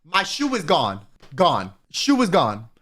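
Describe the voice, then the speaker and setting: A young man tells a story to his viewers in a high, animated voice that swings up and down. He sounds exasperated and talks straight to the listener, casual and chatty. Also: slow. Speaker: vtuber storyteller.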